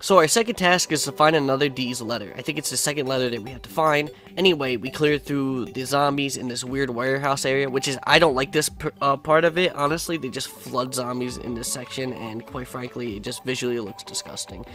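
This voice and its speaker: A man's voice: medium pitch, brisk, hardly any pauses, a bit bright. A man giving a casual, laid-back voice-over of his own gameplay, swearing freely and adding sarcastic asides. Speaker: gaming video creator.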